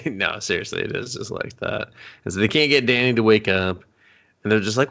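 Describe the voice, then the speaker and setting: Man, low gravelly voice, foul-mouthed movie podcast co-host. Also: a bit bright. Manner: profane, acts out characters in quick mocking voices. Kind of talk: casual movie review chat.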